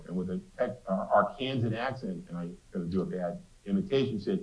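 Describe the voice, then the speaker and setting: A man with a low voice speaks fairly quickly in a university lecture hall, where the recording echoes. He keeps it conversational, addressing students directly and tossing in quips.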